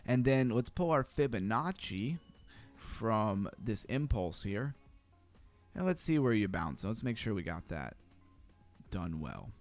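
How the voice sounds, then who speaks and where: A man hosting a crypto livestream, talking fast and chatty as he walks through charts and greets viewers. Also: lowish voice, big pitch swings, darkish tone, soft background music. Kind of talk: casual livestream chart analysis.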